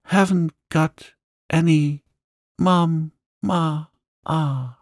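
A man's voice: fairly even intonation, extremely slow, dry recording, studio quality. A man voicing a small, spoiled girl who wails and sobs in a storybook reading. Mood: wailing. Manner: high wailing sobs.

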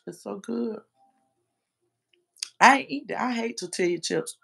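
A woman hosting a casual livestream, reading chat comments aloud in a brash, profane way and often shouting. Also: a little high, unhurried, creaky, slightly rough.

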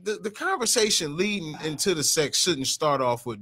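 A man's voice: fairly high pitch, sing-song, normal speed, pushed and bright, husky, no room sound. A man, a guest comedian telling rambling, sheepish stories about himself on a podcast. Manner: rambling, sheepish confessional storytelling. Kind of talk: comic storytelling on a podcast.

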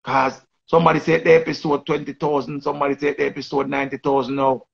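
A man's voice: a little high, flat delivery, quick pace, vocal fry, slightly rough, lo-fi sound. A man with a Jamaican accent giving rambling casual commentary in patois, often repeating and restarting his phrases. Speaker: online commentator.

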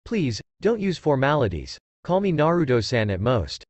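Proud young ninja read by a man, lively pitch, dry close sound, storybook reading. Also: normal speed, no echo. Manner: proud, insistent. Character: proud boy ninja hero.

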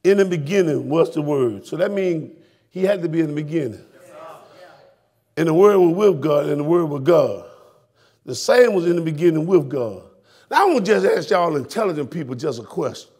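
A man preaching a fiery sermon in a church, shouting and calling out to his congregation. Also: on the high side, animated, moderate pace, slightly rough. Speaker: pastor. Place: church sanctuary.

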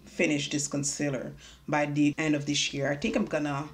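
A woman's voice: low-pitched, level tone, moderate pace. A young woman, talking casually and joking at herself as she does a makeup tutorial at home. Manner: chatty, self-mocking, talks while doing makeup. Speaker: beauty vlogger. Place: home room. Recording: faint music underneath.

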